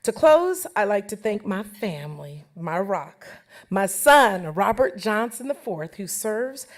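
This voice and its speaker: A woman's voice: medium pitch, sing-song, takes it slowly. A woman in her forties giving an emotional acceptance speech at a banquet, laughing often and joking with the audience. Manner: warm, laughing often, playful asides to the audience.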